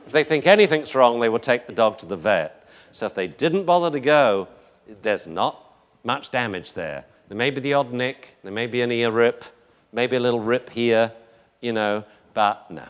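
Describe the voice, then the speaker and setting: A man's voice: medium pitch, animated, normal speed, fairly bright tone. A man giving a live lecture on dog behavior in a chatty, joking, anecdotal way.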